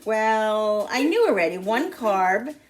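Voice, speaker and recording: A woman talking casually to the camera in her home kitchen, chatty and quick to vent when annoyed. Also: medium pitch. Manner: chatty, animated, prone to exasperated venting. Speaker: home cooking vlogger.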